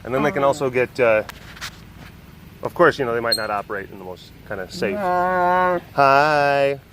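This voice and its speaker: A man's voice: mid-range voice, animated, normal speed, background noise. Rambling man coaxing a big cat outdoors. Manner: rambling, laughing storyteller who shifts to hushed coaxing talk with a big cat. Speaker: vlogger at a big cat facility. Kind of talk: casual vlog chat. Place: outdoors by animal enclosures.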